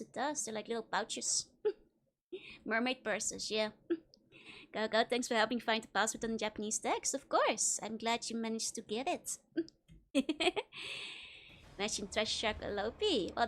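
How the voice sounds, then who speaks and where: A woman streaming a video game, chatting casually and giggling often as she rambles about trivia. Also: a little high. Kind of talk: casual live-stream commentary.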